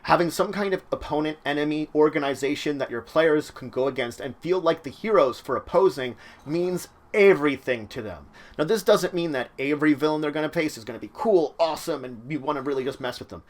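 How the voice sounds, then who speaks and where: A man's voice: on the high side, a little fast, hardly any pauses. A man hosting his own channel, explaining game-mastering tips in a loose, conversational way with frequent fillers. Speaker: channel host giving game-mastering advice. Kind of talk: casual instructional talk.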